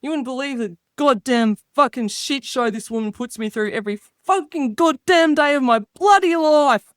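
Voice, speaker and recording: A woman voicing a crude, grumbling middle-aged Australian man with a broad Australian accent, ranting slowly and swearing a lot. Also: sits high, dry recording, clean studio sound, close to an everyday voice. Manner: slow, swearing, exasperated ranting.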